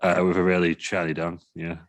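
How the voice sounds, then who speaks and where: A man with a very low voice co-hosts a relaxed chat show. He rambles and jokes, drifting through his points. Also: brisk. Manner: rambling and jokey. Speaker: co-host, news scoops. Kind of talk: casual chat.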